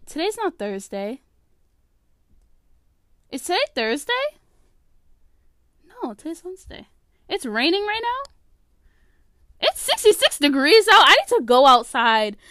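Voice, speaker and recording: A woman's voice: high voice, very animated, unhurried, pauses often, fairly bright tone, dry recording, clean studio sound. A young woman giving casual, opinionated commentary, rambling with lots of "like" as she goes. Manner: rambling, opinionated, heavy use of "like". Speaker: vlogger.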